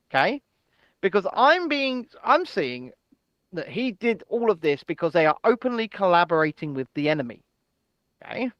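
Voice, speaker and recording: A man co-hosting an irreverent news chat show, loud, jokey and swearing. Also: sits high. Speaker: podcast co-host.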